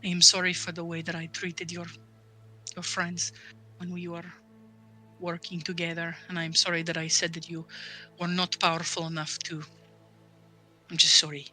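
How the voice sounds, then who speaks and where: A man voicing a grieving male undead paladin knight, speaking in halting, solemn apologies. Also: a little high, completely flat delivery, sharp tone, faint music behind. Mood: remorseful.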